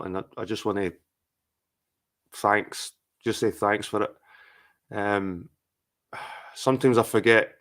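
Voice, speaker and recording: A middle-aged Scottish man in a rambling, sweary, heartfelt casual chat on a live stream. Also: lowish voice.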